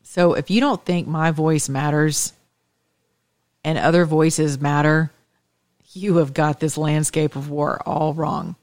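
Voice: medium pitch, steady tone, takes it slowly, dry recording. A talk radio host delivering an emphatic, scornful opinion monologue on a close studio mic. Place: Atlanta area.

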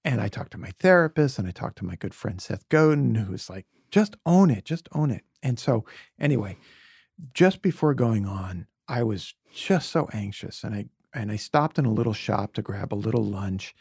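Gravelly, husky man telling heartfelt stories. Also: on the low side, expressive, moderate pace, no echo, clean studio sound. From Brooklyn. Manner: earnest, emotional storytelling with soft whispered asides. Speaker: podcast guest. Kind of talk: reflective conversation.

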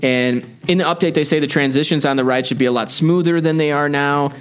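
A man's voice: on the high side, fairly quick, clear, resonant tone, faint music behind. A man hosting a theme park podcast, talking in an enthusiastic, rambling, chatty way. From Chicago area. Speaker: podcast host. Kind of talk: casual podcast chat.

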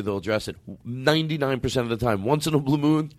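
A man's voice: mid-range voice, animated, quick pace, few pauses, no room sound. A man in casual comedy chat, emphatic and swearing freely as he acts out exchanges.

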